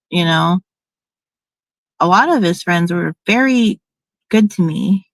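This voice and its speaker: A woman's voice: lowish voice, unhurried, creaky, pauses often, no room sound, low-quality recording. A middle-aged woman venting casually in a rambling storytime, blunt and profane, restarting her sentences often. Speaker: vlogger.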